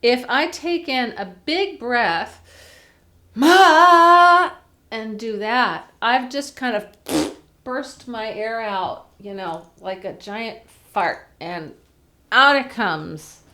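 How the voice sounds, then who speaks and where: A woman voice teacher giving a chatty singing lesson, breaking into sung warm-up vowels to demonstrate. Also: fairly high pitch, lively intonation, slow pace. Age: older. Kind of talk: vocal lesson to camera.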